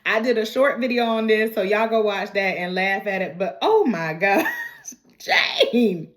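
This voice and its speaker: Lively woman recapping TV, laughing. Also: medium pitch, unhurried. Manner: animated, laughing often, swearing freely. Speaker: TV recap vlogger. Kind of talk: casual recap and reaction.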